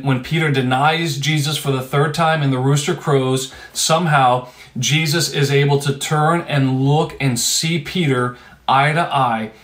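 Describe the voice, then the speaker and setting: A man preaching a sermon in a conversational, emphatic way, with rhetorical asides to his listeners. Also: mid-range voice.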